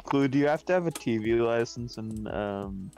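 A man's voice: medium pitch, expressive, normal speed, darkish tone. Young man, dry casual chat, mid-range voice, faint music bed. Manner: dry, matter-of-fact, swears.

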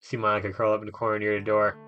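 A man reading a visual novel aloud for his gaming channel, with swearing and quick reactions. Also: on the low side, completely flat delivery, lo-fi sound, soft background music.

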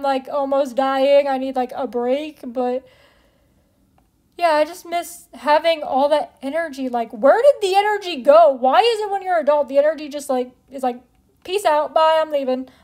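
Young woman vlogger, high bright voice, chatty, filler-heavy, playful overstatement. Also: moderate pace. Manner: chatty, peppered with "like", playful exaggeration. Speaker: channel host. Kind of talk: casual vlog talk to viewers.

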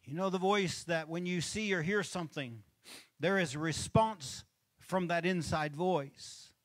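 Unhurried and fairly high-pitched, with no echo, a male pastor delivers a conversational sermon from a church stage. He asks the congregation for amens and lets out chuckles between his points.

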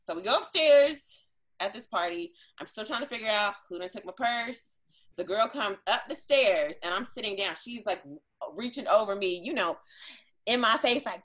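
A young woman co-hosting a casual podcast, telling a story with lively acted-out quotes. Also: medium pitch, moderate pace. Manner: animated storyteller who acts out quoted voices. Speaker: podcast co-host.

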